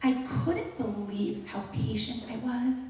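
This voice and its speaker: High-voiced woman speaking in an echoey hall. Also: slow, distant mic, faint music behind. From Brooklyn, US. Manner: animated storytelling, acting out her own reactions; asks the audience questions. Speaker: inspirational speaker. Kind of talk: motivational talk to an audience. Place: large hall at a museum event.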